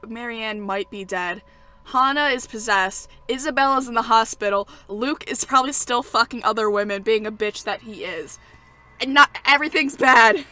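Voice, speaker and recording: A woman streaming a story game, excitable and prone to loud outbursts and swearing between stretches of reading. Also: on the high side. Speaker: let's play streamer. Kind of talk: gaming commentary. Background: faint game music.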